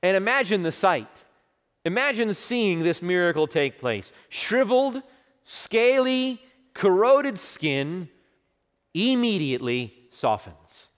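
Impassioned preacher in a reverberant hall. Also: male voice, high-pitched, big pitch swings, takes it slowly. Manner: impassioned preaching, hushed quotes, swelling emphasis. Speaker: pastor. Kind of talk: sermon.

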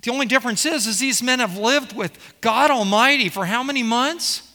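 A man preaching in a high, ringing voice, the sound trailing off in a long hall reverb. He walks the congregation through scripture, asking question after question. His tone is bright and forceful as he presses each point. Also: moderate pace. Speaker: pastor. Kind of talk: sermon.

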